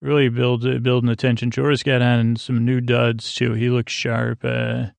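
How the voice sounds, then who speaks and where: Man, sleepy rambling recap host; gravelly, monotone, close and dry. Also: medium pitch, moderate pace, no echo. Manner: rambling, many uh fillers, flat drowsy delivery. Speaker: podcast host recapping a TV episode.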